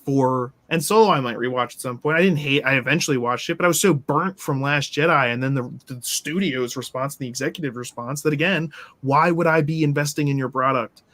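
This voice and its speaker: A man's voice: mid-range voice, brisk, few pauses, a bit bright, no echo. Impassioned ranting man. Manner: ranting, impassioned, acts out quoted people. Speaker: podcast co-host. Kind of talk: casual movie review chat.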